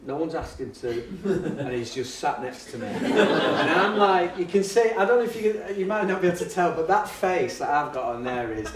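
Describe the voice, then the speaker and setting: Over a noisy crowd, a middle-aged education speaker and guest tells classroom stories in a high voice at normal speed, barely pausing. He laughs a lot and acts out his pupils, and the sound is roomy and distant with faint ambience.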